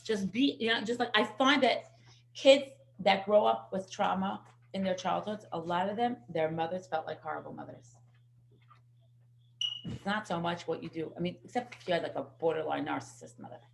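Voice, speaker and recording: A middle-aged woman teaching a parenting class, telling lively stories. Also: medium pitch, moderate pace, gravelly, a little hiss or hum. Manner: lively anecdotal storytelling. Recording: echoey room.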